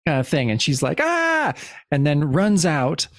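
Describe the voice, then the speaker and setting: A man's voice: a little high, moderate pace, no room sound, studio quality. A man co-hosting a podcast, chatting and joking while he walks through comic panels and reads captions aloud. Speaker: podcast co-host. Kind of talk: casual chat retelling a comic.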